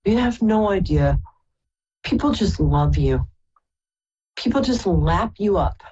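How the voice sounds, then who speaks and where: Her voice sits in the mid-range, dark and breathy, expressive but slow-paced. This woman from Brooklyn, New York hosts a live call-in psychic radio reading, chatting warmly and calling callers darling and sweetheart. The highs are cut off.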